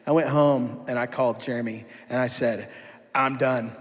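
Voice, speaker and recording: A man's voice: medium pitch, steady tone, normal speed, a bit bright. Candid man telling his story in a hall. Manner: candid storytelling, acts out his past self. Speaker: pastor giving his testimony. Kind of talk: church testimony talk. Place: church hall. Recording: long hall reverb.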